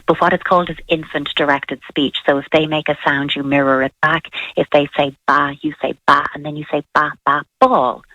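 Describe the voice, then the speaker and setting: A woman speaking as a parenting expert on a radio talk show, explaining advice calmly and practically. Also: low voice, fairly quick, hardly any pauses, no room sound. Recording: dull lo-fi radio sound.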